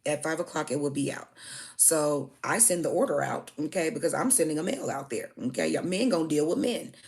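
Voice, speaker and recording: Her voice is low and darkish, a little fast, with vocal fry. A young food business owner, she launches into a heated storytime rant about a customer, swearing freely and punctuating lines with "okay?"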